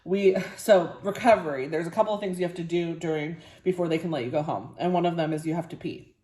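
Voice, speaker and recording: Young woman vlogging, low voice, lots of "like", tired and soft, echoey room. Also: fast. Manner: rambling, many "like" fillers, soft and emotional. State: tired and sore after a procedure. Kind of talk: casual personal vlog.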